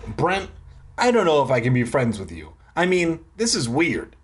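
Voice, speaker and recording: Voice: mid-range voice, wildly swooping pitch, normal speed, slightly rough. A reader voicing a nervous twelve-year-old boy who stammers in panic. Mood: demanding. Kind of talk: audiobook reading.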